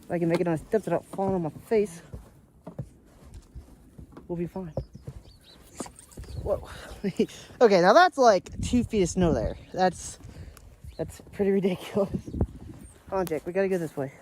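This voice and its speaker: A woman's voice: lowish voice, normal speed, long pauses, a little mellow, slight background noise. A woman, vlogging outdoors during a snowstorm, chatty and laughing often as she talks to her pets. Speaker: daily vlogger. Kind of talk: casual vlog chat while walking outdoors.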